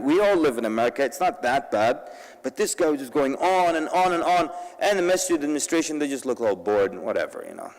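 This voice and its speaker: A man with a fairly high voice gives a lively, story-driven talk to a convention crowd, slipping Arabic words into his English. His voice rings out in a large hall with a long echo. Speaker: convention speaker. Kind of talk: humorous public talk.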